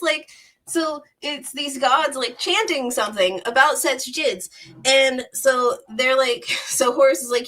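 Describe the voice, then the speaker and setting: High-voiced woman retelling myths, profane. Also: a little slow, a bit bright, recorded from a distance. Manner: profane, rambling, laughs often, heavy use of 'like'. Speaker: podcast host. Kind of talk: casual comedic storytelling.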